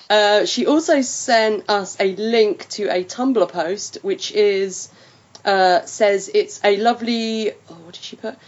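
A woman co-hosting a podcast in a relaxed, chatty way, laughing often. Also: mid-range voice, takes it slowly. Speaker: podcast co-host. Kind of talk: casual chat. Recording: slightly muffled lo-fi audio.

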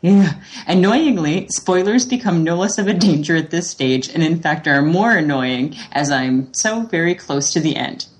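A woman's voice: low-pitched, animated, normal speed. A woman co-hosting a podcast, reading a listener email aloud with frequent giggles. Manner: giggly, reads with frequent laughs. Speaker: podcast co-host.

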